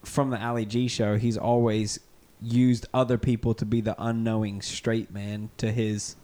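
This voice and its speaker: A man's voice: on the low side, level tone, moderate pace, warm tone. Joking man making offhand remarks. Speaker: podcast co-host. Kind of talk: casual chat.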